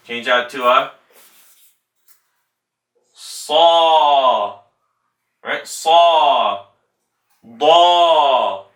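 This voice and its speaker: A male Quran recitation teacher giving a tajweed lesson, patiently demonstrating letter sounds slowly and repeating them. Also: medium pitch, bright, forceful tone. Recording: roomy sound from a distant mic.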